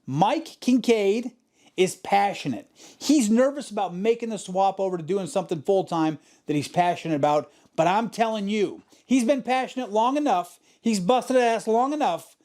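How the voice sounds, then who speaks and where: A man's voice: high voice, expressive, moderate pace, a little mellow. A man hosting a podcast in a motivational monologue, emphatic and profane, driving points home by repeating himself. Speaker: podcast host.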